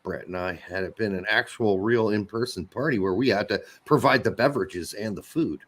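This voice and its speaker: A man's voice: fairly low pitch, fairly quick, a bit bright. A man co-hosting a podcast, rambling and joking in casual banter and swearing freely. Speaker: podcast co-host.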